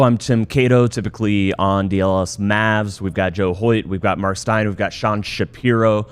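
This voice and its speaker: Casting: male sports podcast host, lower voice, easygoing ad reads. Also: fairly even intonation, normal speed, few pauses, clean tone. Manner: upbeat, reads ads loosely with asides. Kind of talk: casual sports podcast chat.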